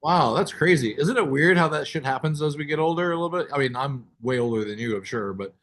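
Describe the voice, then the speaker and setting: A man's voice: fairly high pitch, fast, a bit bright. A man hosting a podcast in casual chat, loose and joking, rambling through restarts. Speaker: podcast host. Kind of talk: casual conversation.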